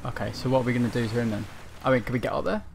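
A man's voice: mid-range voice, very fast, creaky, background noise. A young man giving casual, rambling let's-play commentary with lots of fillers. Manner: chatty, rambling, with many fillers. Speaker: gaming commentator. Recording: game music loud behind the voice.

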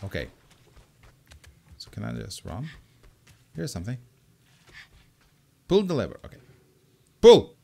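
A man giving let's play commentary, excitable, with loud exclamations and swearing as he plays. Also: mid-range voice, unhurried, gravelly, pauses often. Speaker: gameplay commentator.

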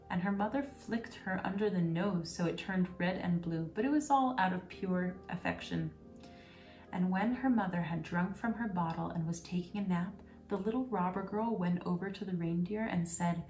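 A woman calmly reading a fairy tale aloud as a bedtime storyteller. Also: on the low side, normal speed. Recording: roomy, distant, faint music. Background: faint music.

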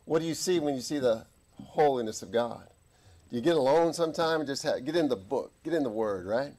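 A middle-aged man preaching a sermon as an army chaplain, telling stories and acting out voices in the quotes. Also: brisk. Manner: animated, acts out quotes with big pitch jumps. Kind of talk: sermon with storytelling. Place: church.

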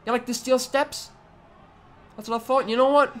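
Excitable young man commentating a game. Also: very high-pitched, moderate pace. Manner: excitable, trash-talking the opponent, sudden loud outbursts. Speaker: gaming YouTuber. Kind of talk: let's-play commentary.

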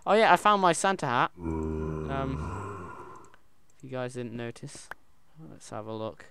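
A man giving casual, excitable commentary while playing a game, chatting to his in-game pet wolf. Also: lowish voice, measured pace, vocal fry. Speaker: gaming channel host. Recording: loud background noise.

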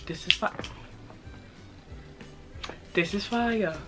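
A young woman with a New York accent and a slightly raspy voice, hosting a casual haul video and hyping her purchases to viewers in a playful way. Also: mid-range voice, very slow, pushed and bright, faint music behind. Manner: playful, hyped, repeats phrases, talks straight to viewers. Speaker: fashion vlogger.

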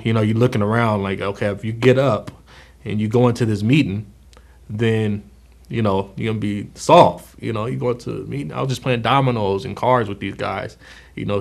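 A middle-aged man giving a personal testimony, speaking haltingly with many fillers and restarts, often quietly. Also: fairly low pitch, creaky. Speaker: former gang member telling his story.

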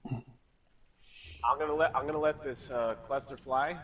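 A man's voice: mid-range voice, fairly even intonation, a little slow, recorded from a distance, dull audio, a crowd in the background. A man in casual gaming voice chat, giving short tactical callouts to his squad. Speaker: squad player.

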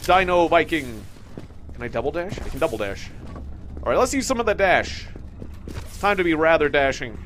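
A young man giving excitable, jokey commentary while playing a shooter, talking to himself as he plays. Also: on the high side, moderate pace, long pauses, a little hiss or hum. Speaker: gaming YouTuber. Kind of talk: let's play commentary. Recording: game gunfire loud behind voice. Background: game gunfire and explosions.

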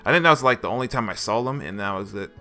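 A young man comments casually on his game and laughs at his own slip-ups. His voice is bright with a middle pitch. Faint game music plays underneath. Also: expressive, rapid-fire. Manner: casual, joking, laughs often, reads game text aloud. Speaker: gaming YouTuber. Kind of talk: let's play commentary.

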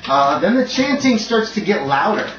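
A man's voice: sits high, sing-song, normal speed. Man running a tabletop horror game in a roomy, distant recording. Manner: loose, filler-heavy narration with sudden shouted sound effects. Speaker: game master. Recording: roomy, distant, dull, noisy home recording.

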